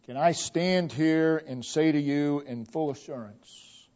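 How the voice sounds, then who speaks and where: Slow, emphatic preacher man, dull recording. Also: fairly high pitch. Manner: slow, emphatic, repeats a refrain, swings between loud declarations and hushed tones. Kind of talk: sermon.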